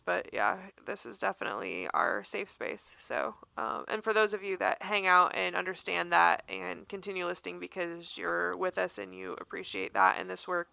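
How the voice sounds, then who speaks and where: Brief: woman co-host, chatty and supportive, clear voice with fry, dry close sound. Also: on the low side, sharp tone, no room sound. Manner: supportive, chimes in with quick agreement and jokes. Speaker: podcast co-host. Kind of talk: casual chat.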